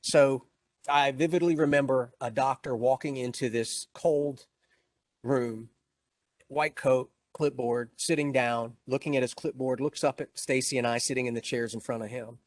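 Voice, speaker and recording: A middle-aged motivational speaker gives an inspirational keynote, telling a personal story with emphasis and mounting emotion. His medium-pitched voice is recorded with no room sound.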